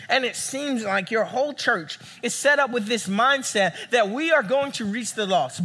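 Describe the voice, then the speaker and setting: A young man preaching a sermon as a campus pastor, animated and acting out the people he quotes. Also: high voice. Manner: animated, acts out quoted voices.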